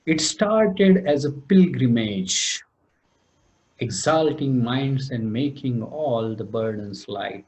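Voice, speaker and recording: A man in a poetry lesson explains poem structure at a slow, deliberate pace. His pitch rises and falls a lot as he stresses terms, repeating key words and clearing his throat now and then. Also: a little mellow. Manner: reads lines of verse slowly. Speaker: teacher. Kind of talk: recorded poetry lecture.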